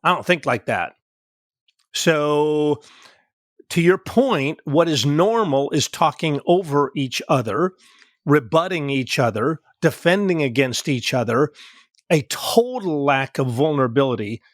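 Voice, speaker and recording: A man's voice: a little high, animated, unhurried, no room sound, studio quality. A middle-aged man hosting a podcast as a therapist, talking casually and illustrating his points with examples from his couples work. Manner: explains with role-play examples from his practice. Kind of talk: conversational podcast talk.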